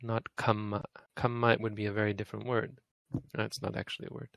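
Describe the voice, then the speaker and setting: A man's voice: lowish voice, level tone, fast talker, vocal fry, a bit bright, dry recording. A man teaching a language lesson, patiently explaining and demonstrating sounds over and over.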